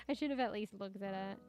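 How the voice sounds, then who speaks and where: A woman's voice: medium pitch, darkish tone. A young woman streamer chatting casually with her viewers, rambling, swearing and laughing often.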